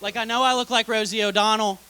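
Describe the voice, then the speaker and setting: A woman's voice: on the high side, fairly even intonation, quick pace, bright, forceful tone, clear, resonant tone, rough recording. A young woman doing a stand-up comedy set on a theater stage, delivering sarcastic, dry punchlines into a stage mic. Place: theater stage before a live audience.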